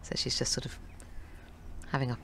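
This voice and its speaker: A woman's voice: a little fast, a bit bright, whispered. A woman speaking as an actress in a press interview about her film, chatty and good-humored. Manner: chatty and good-humored, often breaking into laughter.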